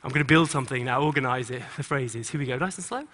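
A middle-aged choreographer on a conference stage, speaking to an audience and directing dancers with quick instructions and rhythmic sound cues. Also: male voice, mid-range voice, big-room sound. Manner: encouraging, energetic coaching.

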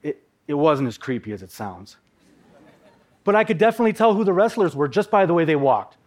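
A man's voice: on the high side, big pitch swings, brisk. A man from Minnesota telling a personal story in a vivid, dramatic way with playful asides. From Minnesota, USA.

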